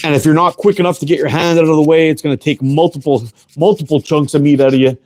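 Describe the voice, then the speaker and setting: Talking fast, a slightly high-voiced man hosts a relaxed woodworking livestream as a slingshot maker. He's easygoing and full of profanity, calling out viewers by name while he works. He's right up by the camera, leaning in to read chat.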